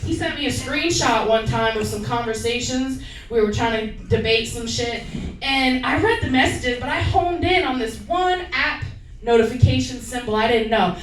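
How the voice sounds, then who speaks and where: A woman's voice: a little high, normal speed. Profane woman doing open-mic stand-up. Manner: profane, rambling, self-mocking. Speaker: stand-up comic. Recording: echoey club mic from a distance.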